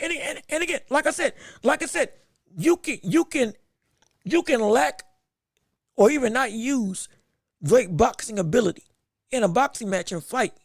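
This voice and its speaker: A man hosting a livestream fight commentary podcast, excitable and emphatic, talking in casual slang and repeating himself for emphasis. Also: very high-pitched, moderate pace, vocal fry, slightly rough, no echo, clean studio sound. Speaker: podcast host.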